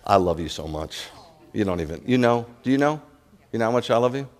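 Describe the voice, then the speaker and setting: Animated New rabbi preaching. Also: male voice, mid-range voice, fairly quick. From New York. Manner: animated, joking, addresses the congregation directly. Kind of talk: sermon.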